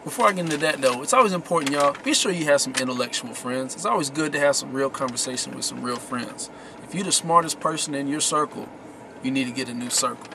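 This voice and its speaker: A man's voice: medium pitch, fast, creaky, noisy background. A man giving casual motivational tips to his viewers, slangy and emphatic, repeating his key words. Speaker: vlogger giving success tips. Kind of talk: casual motivational talk to camera.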